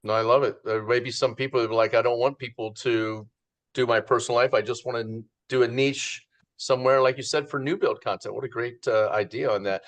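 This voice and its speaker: A man's voice: medium pitch, fairly even intonation, brisk. A man hosting and moderating an online session, upbeat and encouraging. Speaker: host and moderator.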